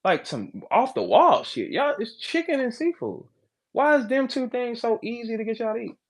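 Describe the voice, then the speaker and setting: A man ranting crudely and loudly in a casual talk, profane and joking. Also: extremely high pitch, very animated, moderate pace. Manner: loud, profane, jokey. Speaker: battle rapper on a live audio chat.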